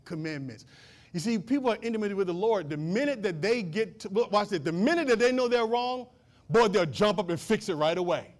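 A male pastor preaching a sermon, swinging from loud declarations to hushed asides and asking the congregation questions. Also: sits high, animated, brisk. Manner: asks the congregation call-and-response questions.

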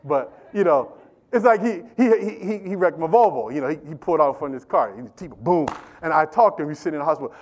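A middle-aged man preaching a sermon as pastor, animated and repetitive, calling out to the congregation. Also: fairly high pitch, fast talker. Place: church.

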